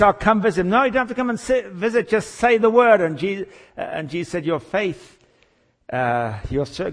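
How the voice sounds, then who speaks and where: A man's voice: mid-range voice, gravelly, husky. A man preaching a sermon, retelling stories and acting out the people in them. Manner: animated, voices characters in anecdotes. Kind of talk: sermon with acted-out storytelling.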